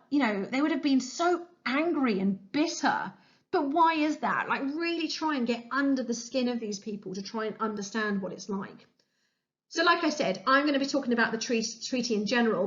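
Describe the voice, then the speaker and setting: A woman's voice: a little high, a bit bright, lo-fi sound. A woman history teacher giving an enthusiastic, chatty revision lesson as a voice-over, with frequent fillers. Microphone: voice-over over slides.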